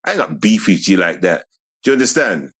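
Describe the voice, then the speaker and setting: A man's voice: low-pitched, big pitch swings, fairly quick, husky. A young man ranting on a casual livestream, mocking and repetitive as he talks to his chat.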